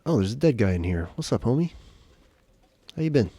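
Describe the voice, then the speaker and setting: A male streamer chats casually through a survival game, cracking jokes at the characters he finds. His voice is gravelly and mellow, and the recording is dry and close with no room sound. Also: medium pitch, big pitch swings, fairly quick, no echo. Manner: joking, chatting to characters in the game. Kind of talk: casual live game commentary.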